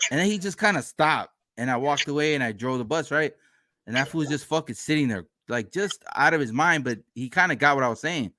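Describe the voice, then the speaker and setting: A man's voice: fairly high pitch, brisk, pushed and bright, no room sound. A man hosting a casual podcast chat, telling a profane, laughing story about his bus job. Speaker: podcast host.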